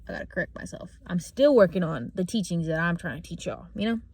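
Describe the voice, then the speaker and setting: A woman's voice: on the low side, lively intonation, fast talker, darkish tone, slightly rough. A young woman talking casually and bluntly about spiritual healing, swearing freely while she drives. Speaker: vlogger. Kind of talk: casual spiritual car talk. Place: inside a car while driving. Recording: road noise in a moving car.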